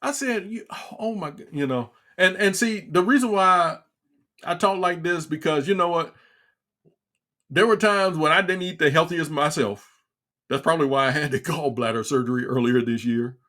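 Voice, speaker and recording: A middle-aged man holds forth on his livestream in a casual, exasperated rant. He keeps circling back and restarting his sentences, and his voice sits a little higher than most men's. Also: moderate pace, bright, forceful tone. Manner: frustrated, repetitive, stumbling restarts. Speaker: livestream talk show host. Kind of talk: casual ranting commentary.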